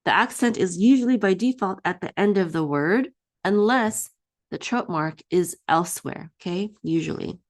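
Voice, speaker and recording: A woman teaching a one-on-one Hebrew reading lesson, patiently singing each word out slowly for her student to repeat. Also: lowish voice, animated, dry recording, studio quality.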